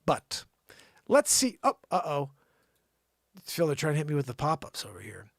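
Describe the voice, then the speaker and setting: An excitable male vlog host reads the news aloud, stopping for chatty asides. His voice is high and bounces all over the place. The sound is close and dry. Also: normal speed, vocal fry, dry recording. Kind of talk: excitable news-reading commentary.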